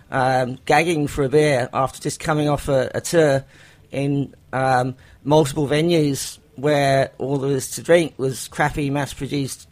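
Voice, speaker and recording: An English man talking as a radio guest about the festival he co-founded, halting with frequent ums and restarts. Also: mid-range voice. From England. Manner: hesitant, many ums and restarts. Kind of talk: casual radio chat.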